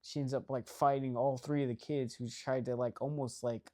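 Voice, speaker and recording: A man's voice: medium pitch, steady tone, normal speed, mellow. A young man casually recapping a movie plot, rambling and filling his talk with "like" and "right?". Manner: rambling, heavy use of "like" and "right?".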